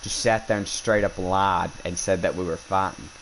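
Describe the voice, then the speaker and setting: A man's voice: low voice, fairly even intonation, moderate pace, a bit bright, slight background noise, poor audio. A young man outdoors on a hunt, casually telling an indignant, rambling story with lots of restarts. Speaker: hunting vlogger. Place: outdoors while hunting.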